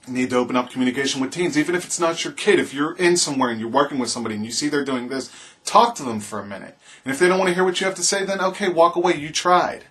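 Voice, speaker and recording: A man's voice: mid-range voice, fairly bright tone. Earnest man preaching to his camera. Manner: preachy, impassioned, repetitive appeals. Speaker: vlogger. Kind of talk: earnest opinion monologue to camera.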